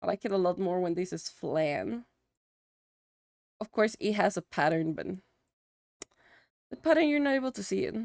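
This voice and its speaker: A woman's voice: on the low side, lively intonation, normal speed, vocal fry, pauses often, a little mellow, no room sound, studio quality. A young woman, a Spanish native speaker, chatting casually with her livestream viewers and filling her sentences with "like". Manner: chatty, many "like" fillers, answering chat.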